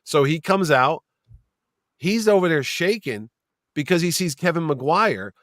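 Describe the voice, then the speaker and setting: Guy who runs a comic con telling stories, slightly high voice, dry close sound. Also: a little slow, no room sound. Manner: storytelling, animated, swears casually. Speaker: convention producer and owner. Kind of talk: casual chat.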